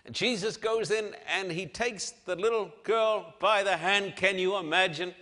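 A man delivering an emphatic sermon in a bright, somewhat high voice, rising to loud declarations and dropping to near-hushed softness. His words carry a long reverb from a large hall. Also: a little slow. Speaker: preacher. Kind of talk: dramatic sermon with scripture reading.

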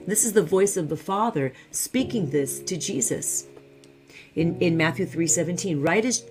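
Fervent low-voiced woman Bible teacher. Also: lively intonation, normal speed, a little mellow, soft background music. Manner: fervent, repeats phrases for emphasis.

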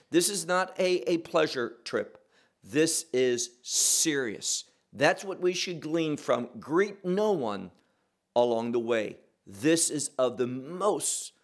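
Slow, emphatic male Bible teacher. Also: on the high side. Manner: emphatic, repeats key words, asks and answers his own questions.

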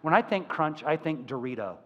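A male pastor preaching a sermon, telling stories with lively acted-out voices. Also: on the high side, a little fast, lo-fi sound, background noise. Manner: animated storytelling, acting out quoted voices. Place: church sanctuary. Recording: church hall with long reverb.

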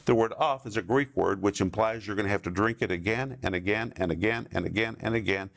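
A middle-aged man preaching a sermon, teaching verse by verse with slow, deliberate emphasis on key words. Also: lowish voice, creaky.

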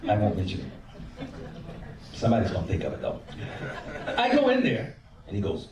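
A man telling an animated comic story on stage, acting out voices. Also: on the low side, moderate pace, long pauses, a little hiss or hum. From American South. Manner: animated, acts out voices and sings bits. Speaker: stand-up comedian. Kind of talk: stand-up storytelling. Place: comedy club stage. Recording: roomy club sound from a distance.

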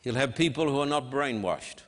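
A man preaching a sermon with emphatic, measured delivery and dramatic pauses. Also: mid-range voice. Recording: long hall reverb.

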